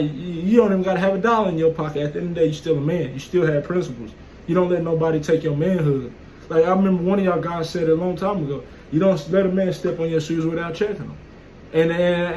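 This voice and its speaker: High-voiced man, blunt and profane monologue, faint background noise. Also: a little mellow, poor audio. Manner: blunt, profane, streetwise storytelling. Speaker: vlogger. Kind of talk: casual monologue.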